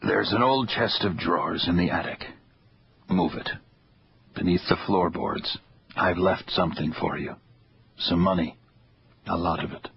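A man's voice: low-pitched, measured pace, creaky, long pauses, breathy edge, dull audio, heavily acted. A man voicing a dying old father who is wry and stubborn, in an audiobook. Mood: grave.

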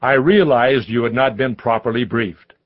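A courteous older president speaks in a calm, mid-range voice, as a male narrator reads him. The audiobook recording sounds slightly dull and lo-fi. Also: mid-range voice, normal speed, close to an everyday voice. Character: a US president, older man, gracious and plain-spoken.

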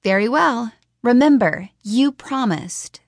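A woman's voice: a little high, expressive, slow, no room sound, clean studio sound, voice pushed up, full character voice. A woman voicing an earnest, practical young woman in a fantasy audiobook, speaking in a reasoning, slightly unsure way. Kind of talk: audiobook character voice.

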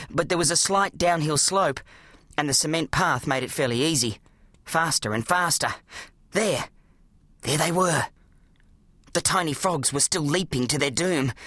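An audiobook narrator, telling a children's adventure story in an animated, dramatic way. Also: mid-range voice, no room sound. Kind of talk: scripted narration of a children's book.

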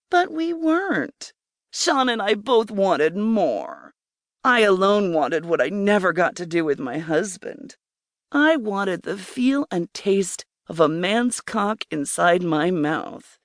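A woman narrating a first-person erotic story in a slow, breathy, intimate way. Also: on the low side, very animated, no room sound, clean studio sound. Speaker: audiobook narrator.

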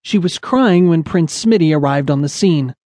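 Bright-voiced man reading a kids' story. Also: a little high, animated, normal speed, dry recording, studio quality. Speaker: audiobook narrator. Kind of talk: children's story narration.

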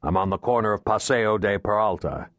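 A man's voice: lowish voice, animated, brisk, fairly bright tone, dry recording, studio quality. A male narrator voicing a hitman with an American accent. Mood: casual cover. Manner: casual cover talk hiding anger. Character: male Russian hitman, tense, faking calm.

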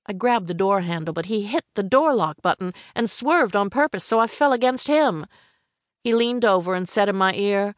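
A woman narrating a first-person novel in a measured, even storytelling manner. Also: mid-range voice, no echo, studio quality. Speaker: audiobook narrator.

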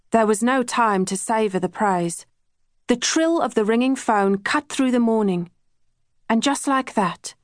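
A woman reading a first-person novel aloud, measured and even, on a close studio mic. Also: mid-range voice, no room sound. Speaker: audiobook narrator. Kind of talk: scripted narration.

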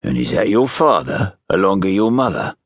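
A gruff, menacing convict growls threats in coarse rural dialect, as a man reads him aloud. The voice sits very low with lively swings when the threats swell. Close, dry recording. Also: moderate pace, dry recording, full character voice. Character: menacing ragged escaped convict, rough and threatening.

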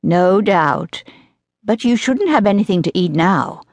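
A woman narrator voicing a gentle, patient father who speaks softly in an audiobook. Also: mid-range voice, lively intonation, measured pace, no room sound. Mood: tender. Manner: soft, fond, quiet. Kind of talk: audiobook character voice.

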